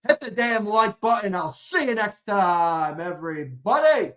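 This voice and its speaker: A man's voice: high voice, a little slow, few pauses, slight background noise. A man hosting a sports talk show, chatting casually with viewers, cursing often and joking as he reacts to comments. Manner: profane, excitable ranting with sudden loud outbursts; jokey banter, reacting to comments and laughing. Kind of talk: casual livestream chat with viewers.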